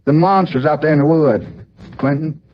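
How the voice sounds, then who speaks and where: A man's voice: on the high side, moderate pace, lo-fi sound, natural voice. A man playing a rambling politician. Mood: agitated. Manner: folksy, rambling, agitated. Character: blustering older male politician.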